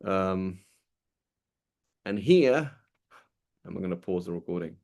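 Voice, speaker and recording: A low-pitched, animated man with a creaky, slightly mellow voice gives a conversational lesson on a classical legal text. He reads passages quickly and keeps restarting as he explains them.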